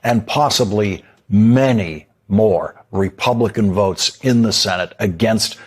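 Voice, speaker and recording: A man anchoring broadcast news commentary in a measured, emphatic way. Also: lowish voice, breathy edge.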